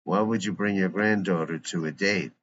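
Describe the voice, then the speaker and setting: Gruff suspicious dad, read by a man, very deep, dull recording. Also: normal speed, a bit bright. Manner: gruff, blunt. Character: suspicious grumbling father, middle-aged man. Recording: dull lo-fi recording with faint hiss.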